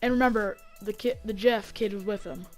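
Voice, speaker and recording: A woman telling a story in a casual vlog, rambling with lots of fillers and getting excited as she acts it out on a desk mic. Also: medium pitch, brisk, faint music behind. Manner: rambling, heavy on fillers, gets excited acting out the fight. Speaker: vlogger.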